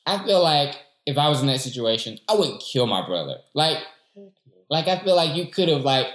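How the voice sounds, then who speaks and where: A man's voice: fairly high pitch, very animated, normal speed, fairly bright tone, reverberant. A man in casual chat, animatedly retelling a movie and acting out the characters' lines.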